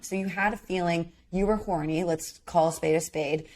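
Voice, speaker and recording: With a fairly low pitch and quick delivery, she barely pauses, and a little hiss or hum is audible. She's a podcast co-host casually recapping a reality show, animated and emphatic, acting out quotes.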